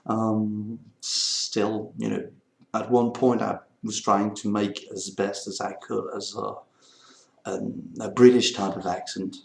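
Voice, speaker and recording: A Belgian man with a French accent, talking in a loose, rambling vlog chat. His voice sits low and gravelly. The sound rings around an echoey room. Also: level tone, takes it slowly, a little mellow. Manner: rambling, meandering talk. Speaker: vlogger.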